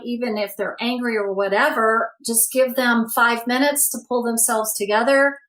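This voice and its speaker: A woman's voice: on the high side, a bit bright. A woman speaking as a guest coach in a podcast conversation, earnest and emphatic as she advocates for letting emotions out.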